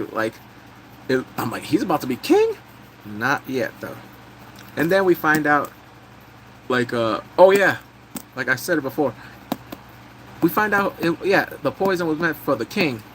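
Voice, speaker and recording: A man's voice: fairly high pitch, a bit bright, a little hiss or hum, low-quality recording. A man live-streaming a casual drama recap, chatting loosely, thanking viewers as he goes and breaking into big squealing reactions.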